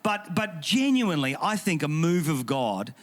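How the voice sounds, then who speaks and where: This panel speaker is a man from England, a pastor whose fairly high voice is very animated at a moderate pace. His humor mixes with emphatic indignation, and he often starts over mid-thought.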